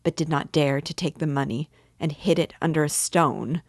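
A woman's voice: sits low, moderate pace, darkish tone, dry recording, studio quality. A woman voicing a tormented young male murderer in a storybook reading, speaking with anguished bitterness. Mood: bitter.

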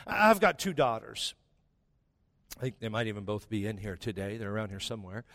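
A male pastor preaching a sermon with emphatic delivery, dramatic pauses and quiet, intense stretches. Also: fairly low pitch.

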